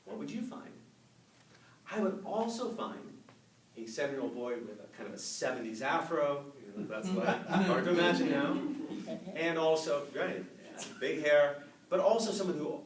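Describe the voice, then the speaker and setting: A man in his fifties giving an animated, storytelling speech to a club audience and laughing along with them. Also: a little high, moderate pace. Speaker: Toastmasters speaker. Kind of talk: public speech. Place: meeting room with a live audience. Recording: echoey room, mic from far off, faint noise.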